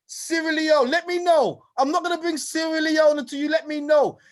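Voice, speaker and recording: A man from the United Kingdom hosting a live online event with lively, hyped-up energy, often calling people "brother" and "King.". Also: very high-pitched, normal speed. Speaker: host and presenter.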